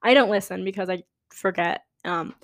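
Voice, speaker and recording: A woman's voice: mid-range voice, normal speed. Chatty, rambling young woman. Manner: chatty, rambling, dramatic asides. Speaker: podcast host. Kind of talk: casual solo chat.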